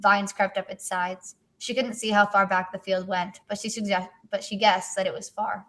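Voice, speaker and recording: Teen girl reading her story out loud, giggly, tosses in jokes as she goes. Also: medium pitch, fairly even intonation, normal speed, hardly any pauses. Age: teens. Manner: giggly, adds joking asides while reading. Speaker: author and co-host. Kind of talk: reading her own story aloud in a casual chat.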